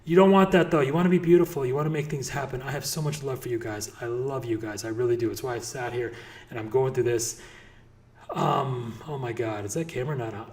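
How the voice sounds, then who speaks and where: A man's voice: medium pitch, fairly quick. A man coaching on business in a casual motivational talk, effusive and blunt, and he swears freely. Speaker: real estate business coach.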